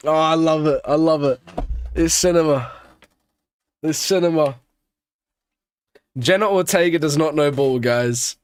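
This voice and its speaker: A man hosting a live race watch-along, reacting with loose, slangy excitement and wrapping up the coverage. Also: on the high side, a little slow, pauses often, clean tone, dry recording. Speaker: host.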